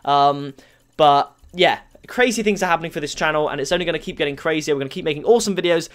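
A young man giving excited commentary as a gaming YouTuber, easily bursting into shouts and laughs. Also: a little high, fast talker. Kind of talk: excited game-opening commentary.

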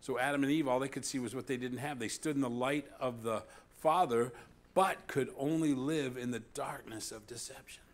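A man preaching a sermon as pastor, animated, swinging between loud emphasis and hushed asides, often asking the congregation "See?". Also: mid-range voice, moderate pace.

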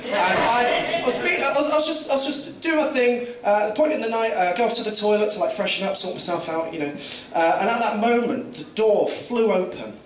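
A man's voice: high voice, lively intonation, brisk, hardly any pauses, crowd noise. A young man from Kent with a southern English accent, doing a rambling, self-mocking stand-up set full of fillers and restarts. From England, Kent. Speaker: stand-up comedian. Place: comedy club stage. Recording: roomy, distant mic, noisy room.

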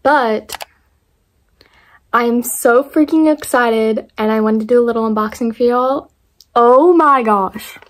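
A young woman chatting casually to camera in a vlog, bubbly and excitable, full of "like" fillers. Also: on the high side, a little slow. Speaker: vlogger.

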